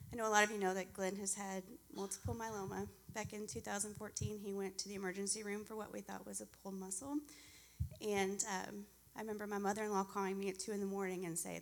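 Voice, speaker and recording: A woman's voice: mid-range voice, little pitch movement, a little fast, gravelly, a little hiss or hum. A woman in her forties giving a heartfelt personal testimony at a church service. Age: 40s. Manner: earnest, heartfelt storytelling.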